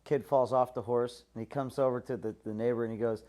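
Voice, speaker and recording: A man hosting a podcast in casual chat, acting out quoted voices with big jumps in pitch. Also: fairly even intonation, brisk, darkish tone.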